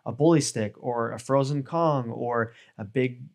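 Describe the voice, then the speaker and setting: A man explaining dog training in a relaxed, conversational way, often adding "you know" and "right?" as he works through everyday examples. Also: medium pitch, measured pace, creaky. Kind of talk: casual instructional talk.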